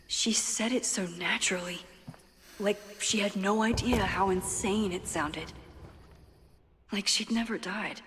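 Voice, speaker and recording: An actress playing a thoughtful young woman, speaking a soft, introspective inner monologue in a game. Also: mid-range voice, measured pace, slight background noise, natural voice. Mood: reflective. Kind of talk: game character narration. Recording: game audio with long reverb and faint music.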